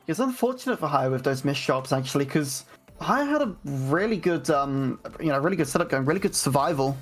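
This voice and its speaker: Woman, low deep voice, laid-back esports analyst, lots of ums, faint music underneath. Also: brisk. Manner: relaxed analysis with frequent fillers. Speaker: esports co-commentator. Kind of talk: live tournament commentary.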